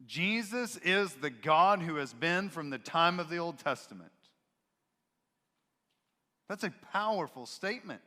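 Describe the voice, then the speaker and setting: Bright-voiced preacher in a reverberant church. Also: male voice, on the high side, unhurried, long pauses. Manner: expressive preaching, acts out quoted voices with emphasis. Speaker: pastor. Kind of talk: sermon. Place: church sanctuary.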